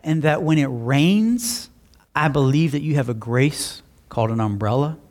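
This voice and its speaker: A male pastor preaching a sermon, telling stories in an animated way with personal asides. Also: a little high, normal speed.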